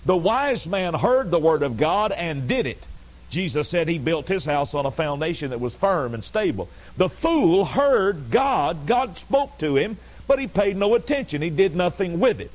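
A man's voice: a little high, very animated, moderate pace, rough recording. A male pastor preaching a Sunday night sermon to his congregation, emphatic and repetitive, pressing direct questions on his listeners. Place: church service on a Sunday night.

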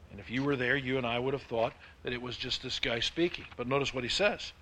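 A man preaching a sermon, with emphatic delivery that swings between hushed and loud. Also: medium pitch, fast talker, slight background noise. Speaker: pastor.

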